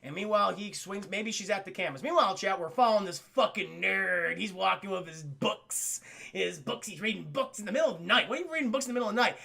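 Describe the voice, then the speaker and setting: A man live-streaming to his chat, excitedly recapping a cartoon episode, swearing often and acting out the characters' lines. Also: high voice, fast talker, vocal fry.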